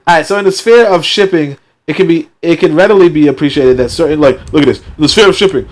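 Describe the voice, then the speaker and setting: Animated man reading and ranting. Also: a little high, fast talker, few pauses. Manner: animated, sarcastic asides, many fillers. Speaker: host reading a book aloud. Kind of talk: reading a book aloud with commentary.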